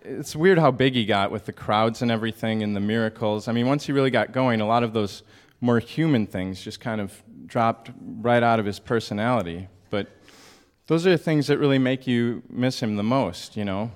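A man performing a comic monologue on stage at a story slam, mock-sincere and wistful, with a deadpan delivery. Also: medium pitch, normal speed.

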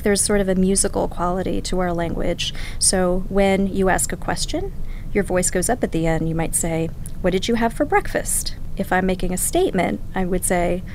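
A woman who researches how children learn language, explaining clearly in an interview. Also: mid-range voice, slight background noise, poor audio. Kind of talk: expert interview.

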